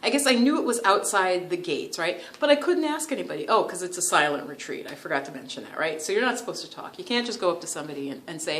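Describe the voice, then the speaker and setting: A woman's voice: on the low side, fast, hardly any pauses, a little hiss or hum. Chatty New woman telling a story. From New York. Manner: chatty, animated, laughs often, many "like" fillers. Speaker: yoga and meditation vlogger. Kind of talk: casual storytelling to camera.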